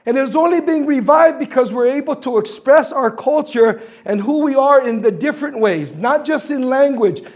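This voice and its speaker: Guy in his 60s from guam, really high voice, earnest public speech, stacks up lists and questions. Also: animated, normal speed, few pauses, darkish tone. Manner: earnest, builds through lists and rhetorical questions. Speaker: community speaker at a public forum. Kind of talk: impassioned public testimony.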